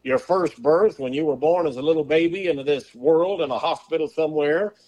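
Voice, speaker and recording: A male preacher giving a sermon, firing off rhetorical questions in a folksy way of talking and slowing to a drawl on scripture. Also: a little high, darkish tone, lo-fi sound. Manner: slows and drawls on scripture quotes; folksy turns of phrase.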